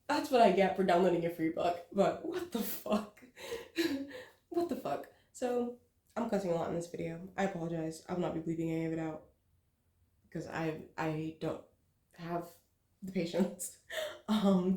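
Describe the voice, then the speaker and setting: A woman's voice: lowish voice, normal speed, dark tone, roomy sound. A woman talking candidly in a casual vlog. She swears freely and fills her speech with "like" and "um". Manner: frank, swears freely, filler-heavy. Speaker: vlogger.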